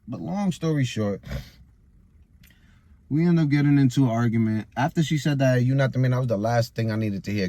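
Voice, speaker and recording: A frustrated young man venting to his phone outdoors, rambling and circling back on his own words. His voice sits at an ordinary middle pitch, and his talk is loose, repetitive and heated. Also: mellow, no room sound. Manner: frustrated, rambling, repeats himself. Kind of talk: venting vlog monologue. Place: outdoors in a busy public area.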